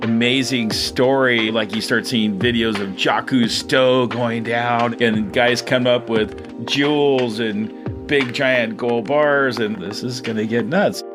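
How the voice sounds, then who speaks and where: A middle-aged man, a fisherman, telling his own story in a rambling, animated way, often laughing as he talks. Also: medium pitch, takes it slowly, music in the background. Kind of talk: casual storytelling interview.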